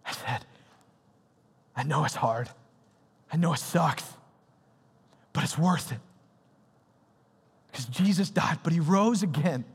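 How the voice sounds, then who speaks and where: A man's voice: fairly high pitch, expressive, takes it slowly, pauses often, breathy edge. A young man preaching a sermon in a casual, slangy, conversational way. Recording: reverberant hall.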